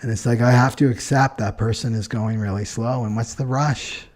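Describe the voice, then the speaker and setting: Chatty male astrologer, mid-pitched. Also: moderate pace. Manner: relaxed and chatty, keeps adding "right?" with short laughs. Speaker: astrologer answering viewer comments. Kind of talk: live-stream talk and chart reading.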